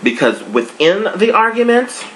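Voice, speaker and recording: An adult speaker giving a sassy, gossipy casual review, swinging the pitch up and down for effect. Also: sing-song, a little slow, slight background noise, poor audio. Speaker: online show reviewer.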